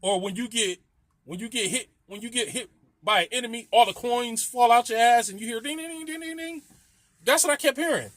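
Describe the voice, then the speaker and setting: High-voiced, profane, laughing storyteller man. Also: fairly quick, fairly bright tone, dry recording. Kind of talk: casual storytelling.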